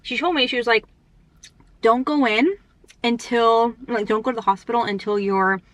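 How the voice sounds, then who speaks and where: A young woman vlogger chatting casually and rambling, full of fillers, talking fast because she is in a rush. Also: on the high side, fairly even intonation, fairly bright tone. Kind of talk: casual chat.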